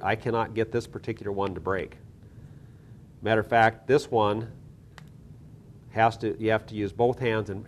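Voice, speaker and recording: Low-voiced man demonstrating a lab technique. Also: slight background noise. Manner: methodical, explains step by step with small restarts. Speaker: soil science instructor.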